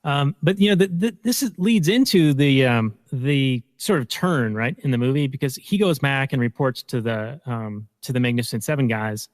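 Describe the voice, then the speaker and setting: Relaxed rambling podcast man. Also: mid-range voice, normal speed, few pauses, no echo, long reverb tail. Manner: relaxed, rambling, many fillers. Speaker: podcast co-host. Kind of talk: casual movie discussion.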